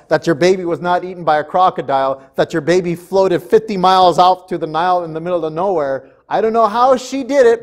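A male pastor giving a sermon in an animated, conversational storytelling manner. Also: high-pitched. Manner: animated, conversational, slips into character voices.

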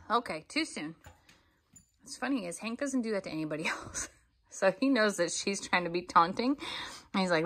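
A woman's voice: mid-range voice, very animated, unhurried, long pauses, bright, forceful tone, husky. Woman cooing fondly at her pets. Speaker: vlogger, pet owner. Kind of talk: casual vlog narration.

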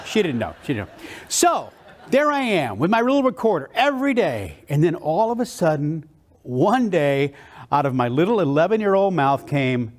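Animated high-voiced motivational speaker. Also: male voice, normal speed. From South Texas. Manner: animated and enthusiastic storyteller. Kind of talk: motivational storytelling speech.

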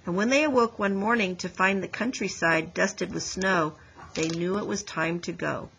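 A woman teacher reading a chapter book aloud to her class over a video call, with clear, explanatory storytelling. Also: lowish voice, normal speed, a bit bright, a little hiss or hum, rough recording.

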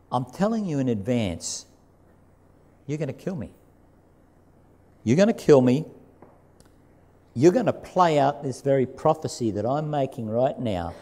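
A man preaches in a church, his voice mellow and warm at an ordinary middle pitch. He reads scripture with emphasis and repeats his key phrases in a plain, conversational way. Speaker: pastor. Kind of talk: sermon. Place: church sanctuary.

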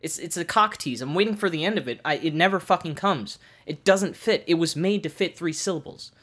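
A woman with a fairly low voice doing comedic commentary on a YouTube channel. She reads comments and picks them apart with deadpan sarcasm and constant swearing. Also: brisk, husky. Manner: profane, sarcastic, deadpan mockery.

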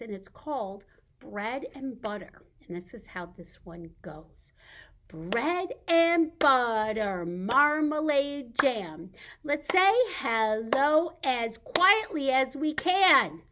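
Woman, children's storytime leader, bouncy exaggerated sing-song, slow and patient delivery, high voice. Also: expressive, a bit bright, slight background noise. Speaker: children's librarian. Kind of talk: baby storytime with songs and reading. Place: library.

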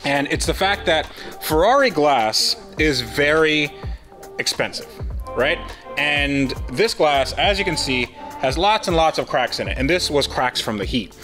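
Animated man in his thirties. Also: a little high, music in the background. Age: 30s. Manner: animated, quick to laugh, self-deprecating. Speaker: host. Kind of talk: casual car-build vlog with sponsor read.

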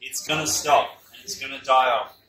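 An Australian man hosting a chilli challenge, talking loud and cheering his mates on with whoops. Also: mid-range voice, fairly even intonation, moderate pace, crowd noise. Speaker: host of a chilli review channel. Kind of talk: casual hype chat during a chilli challenge. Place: indoor onsite workplace. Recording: roomy sound from a distance.

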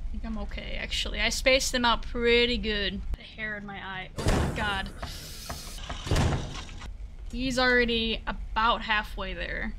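A woman's voice: fairly high pitch, slow pace, long pauses, background noise. A young woman giving let's-play commentary on a horror game, muttering to the game and breaking into frightened shrieks. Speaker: gaming video creator.

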